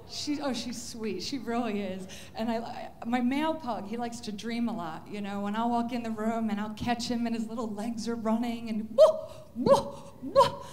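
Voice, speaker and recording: A woman's voice: on the high side, darkish tone, slight background noise. A woman stand-up comedian telling pet jokes in a chatty, self-interrupting way, often laughing.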